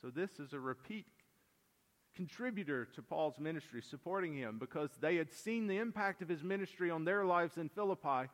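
A man's voice: a little high, moderate pace. Earnest preaching man in reverberant hall. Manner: earnest expository preaching, swings between emphatic and hushed. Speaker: pastor. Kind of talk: sermon. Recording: long reverb of a large church hall.

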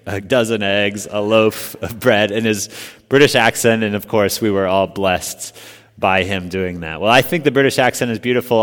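An American man preaching a sermon in a relaxed, conversational way, quizzing his congregation. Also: fairly low pitch, big-room sound. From United States. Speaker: pastor.

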